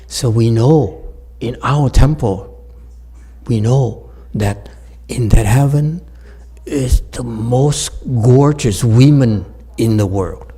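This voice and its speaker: Husky, laughing Buddhist teacher, slow. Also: male voice, medium pitch, warm tone. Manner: jokey, laughs often, talks straight to listeners. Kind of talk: informal dharma talk with storytelling.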